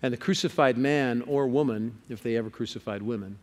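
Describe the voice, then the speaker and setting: A man preaching a sermon, lively and conversational, stammering on words and putting questions to the congregation. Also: medium pitch, a little fast. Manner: lively, repeats words when stuck, asks the crowd questions.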